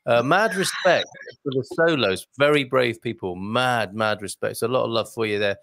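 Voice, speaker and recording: A man's voice: mid-range voice, normal speed, vocal fry, a bit bright, dry recording. A man hosting a casual livestream, chatting playfully and reading out viewer comments. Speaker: host.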